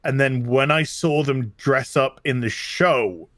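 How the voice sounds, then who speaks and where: A British man telling stories in a casual chat, animated and swearing freely. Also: medium pitch, slow, no echo, clean studio sound. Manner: animated storytelling, swearing, mock accents. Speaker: co-host.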